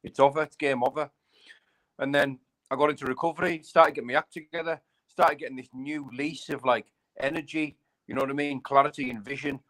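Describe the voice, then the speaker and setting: A man in his late thirties chats in a casual live stream, blunt and rough-edged, keeps dropping slang and "you know what I mean". His voice sits at an ordinary middle pitch for a man. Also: fairly bright tone, low-quality recording. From England. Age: 30s. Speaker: bare-knuckle fighter.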